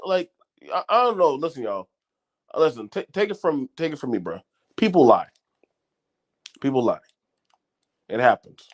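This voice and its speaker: Here the middle-aged host's voice sits in the mid-range with a darkish tone. It's unscripted talk to his own channel's audience, direct and profane, with repeated words and false starts throughout.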